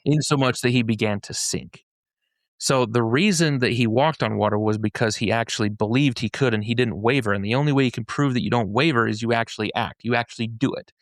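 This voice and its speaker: Gravelly guy on a podcast, retelling bible stories in slang, lots of restarts, dry close sound. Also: medium pitch, fairly quick, dry recording. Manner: storytelling, paraphrases scripture in everyday slang, frequent restarts. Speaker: podcast speaker explaining a faith-based framework. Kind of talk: casual podcast conversation. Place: podcast studio in Utah.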